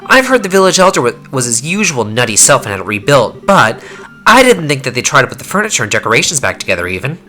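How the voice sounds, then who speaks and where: A rough young male fighter talks in blunt slang, his delivery rising and falling a lot, as a man reads him aloud. The tone is bright and forward, with a faint bed of game music behind. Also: mid-range voice, very animated, fast talker. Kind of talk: fan voice-over reading of game dialogue.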